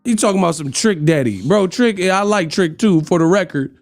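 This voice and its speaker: This boxing commentary host has a high, animated voice and talks a little fast. He laughs at his chat, slings slangy trash talk and slips into bits of song during a casual live stream. The sound is dry with no room tone, and soft music plays underneath.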